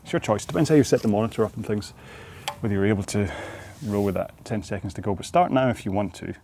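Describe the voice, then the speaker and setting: A man's voice: on the low side, quick pace, mellow, slight background noise. A man coaching a follow-along rowing workout outdoors, chatting in a rambling, friendly way with self-deprecating asides.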